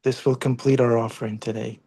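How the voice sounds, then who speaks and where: A man's voice: medium pitch, little pitch movement, a little fast, dark tone, slightly rough. A man hosting a class speaks in an easygoing, humorous way. He hesitates now and then. His voice sits in a middle range. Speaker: class moderator. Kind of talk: casual chat.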